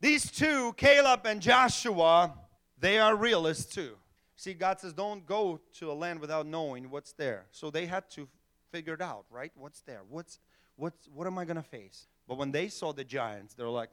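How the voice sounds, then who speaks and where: Male pastor, middle-aged, animated sermon, high voice, bright tone. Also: a little slow. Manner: animated, acts out voices and laughs often.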